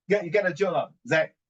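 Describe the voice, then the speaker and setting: A man with a Singaporean English accent rants with indignant emphasis, repeating his objections. His voice sits somewhat high for a man. The recording is dull and lo-fi. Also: husky. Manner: indignant, emphatic, mixes in Mandarin and Singlish. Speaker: adult giving writing advice. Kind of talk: ranting conversation.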